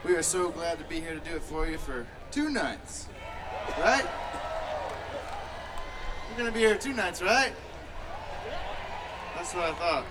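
A man's voice: on the high side, fairly quick, few pauses, noisy background. A man, a singer, chatting loosely and jokingly with a live crowd between songs. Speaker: singer and bandleader. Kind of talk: casual stage banter with a live crowd. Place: concert stage. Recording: live concert audio from far off with loud band.

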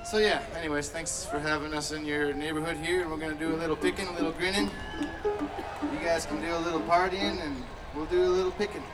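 Distant male singer bantering over a loud band. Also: fairly high pitch, steady tone, fast, over loud music. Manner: loose, chatty, joking, swears casually. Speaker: singer and bandleader. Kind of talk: casual stage banter with a live crowd. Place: concert stage. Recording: live concert audio from far off with loud band.

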